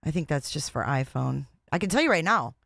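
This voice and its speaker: Woman streamer, blunt and repetitive, slightly low pitch, dry sound. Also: lively intonation, a little fast, vocal fry, a bit bright, dry recording. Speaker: livestream host. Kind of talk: casual livestream commentary.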